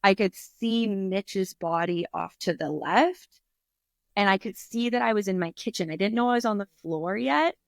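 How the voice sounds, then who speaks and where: A woman's voice: mid-range voice, normal speed, vocal fry, no echo, clean studio sound. A woman guest on an interview show telling a personal story candidly, swearing freely and acting out her own reactions. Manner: animated retelling with many fillers. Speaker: podcast guest, author.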